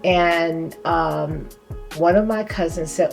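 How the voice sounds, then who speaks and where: A woman who grew up in California, a podcast guest telling a personal story in a lively, laughing way. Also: on the low side, a little slow, faint music behind. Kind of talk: casual storytelling.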